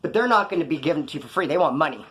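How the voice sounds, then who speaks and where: A man with a fairly high voice tells rambling, slangy stories from his time inside. He talks fast and acts out the other guys' lines as he goes. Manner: rambling, slangy, animated retelling with quoted dialogue. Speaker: former prisoner telling prison stories. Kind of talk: casual storytelling to camera.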